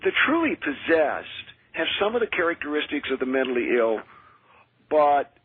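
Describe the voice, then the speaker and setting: A man who is a minister and exorcist, telling his experiences in an earnest, measured way as a radio interview guest. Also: on the high side, sing-song, breathy edge. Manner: earnest, measured, with frequent restarts. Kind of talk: radio interview, personal storytelling. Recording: tinny dry phone line.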